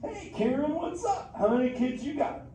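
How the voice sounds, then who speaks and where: A mellow old surfer sea turtle, swooping up and down in pitch with drawn-out dude-speak and easy chuckles. He talks live to an audience, heard from afar in an echoey theater with noise around. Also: animated, recorded from a distance. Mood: laid-back. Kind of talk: live interactive theme park show. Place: indoor theater show.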